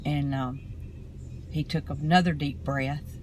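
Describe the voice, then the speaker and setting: A woman's voice: deep voice, little pitch movement, a little mellow, slight background noise, low-quality recording. Woman vlogging from her car. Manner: earnest, rambling, halting storytelling. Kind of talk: casual talk to camera.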